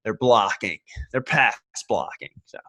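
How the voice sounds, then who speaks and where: A man's voice: lowish voice, expressive, measured pace, pushed and bright, slight background noise. A young man co-hosting a podcast, chatting casually in a laid-back, rambling way with restarts. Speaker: podcast co-host. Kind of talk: casual chat.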